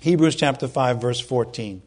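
A man preaching a sermon, fervent and emphatic, who slows down to read scripture and stumbles over his words when worked up. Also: mid-range voice.

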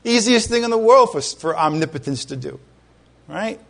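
A middle-aged man from Rhode Island delivers a sermon in a high, lively voice. He preaches conversationally, telling stories and checking in with the congregation. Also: normal speed, creaky. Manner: conversational, animated storytelling with asides to the congregation. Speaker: pastor.

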